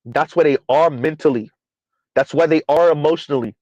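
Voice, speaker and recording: A man's voice: on the high side, a little fast, a little mellow, no echo, highs cut off. A man hosting a live-streamed commentary show, talking emphatically to viewers and reading their comments, often repeating lines for effect. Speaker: livestream commentary host.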